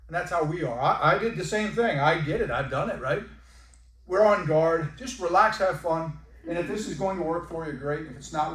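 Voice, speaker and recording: A man gives a sales pitch to a room full of guests. He talks in a folksy, joking way and says "y'all." His voice sits a little high and sounds roomy, with the mic set back from him. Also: fairly bright tone. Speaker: timeshare sales presenter. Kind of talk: sales pitch to a live audience. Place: presentation room. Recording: echoey room, mic at a distance.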